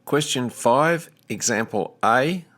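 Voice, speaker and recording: A man teaching a recorded language lesson, speaking slowly and deliberately with careful enunciation. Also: medium pitch, animated, a bit bright.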